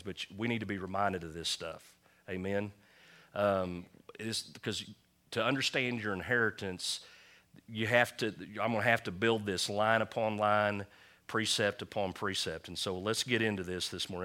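Bright-voiced male pastor, conversational. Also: lowish voice, fairly even intonation, normal speed. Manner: conversational, rallies the congregation with call-and-response. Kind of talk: sermon. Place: church.

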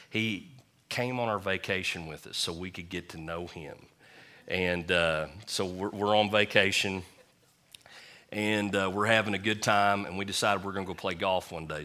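A man's voice: low voice, pushed and bright. A man preaching a sermon, telling a funny story in a folksy, humorous way. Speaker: pastor.

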